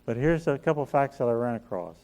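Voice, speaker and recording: A man's voice: medium pitch, expressive, brisk, dark tone. A middle-aged man giving a motivational talk on a conference stage, telling folksy stories with self-deprecating jokes. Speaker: speaker at a chiropractic business conference. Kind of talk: motivational talk to a live audience.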